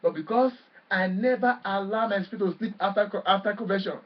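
High husky male preacher, sounds far off and muffled, loud then hushed. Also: a little fast. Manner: forceful preaching with sudden loud bursts and soft drops. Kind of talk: sermon.

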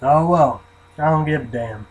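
Rambling guy vlogging, swears a lot, husky, kinda high voice. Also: normal speed, darkish tone, low-quality recording. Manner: rambling, profane, trailing off into mumbles. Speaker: vlogger reviewing an energy drink. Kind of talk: rambling casual vlog.

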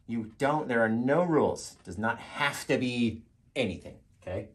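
A man teaching a live painting tutorial, chatty and encouraging, who keeps retaking his intro in a loud, upbeat radio-style voice. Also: mid-range voice, animated, normal speed. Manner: chatty, encouraging, repeats phrases. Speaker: painting instructor.

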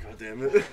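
A man streams a video game from his home setup, chatting casually, laughing a lot, and swearing freely.

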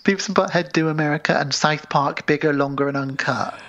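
A man's voice: on the high side, brisk, a bit bright, lo-fi sound. A man co-hosting a casual podcast, retelling film scenes and acting out the characters' lines. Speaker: podcast co-host.

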